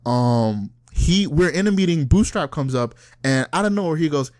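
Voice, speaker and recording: A young man co-hosting a podcast, telling a story in casual chat with animated, profane slang and frequent laughter. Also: fairly high pitch, moderate pace, dry recording, studio quality. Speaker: podcast co-host.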